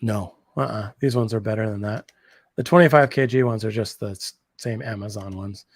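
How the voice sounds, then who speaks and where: A man's voice: fairly low pitch, normal speed, no echo, clean studio sound. A man in his thirties co-hosting a casual livestream chat, enthusiastic and rambling, full of slang and fillers. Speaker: co-host.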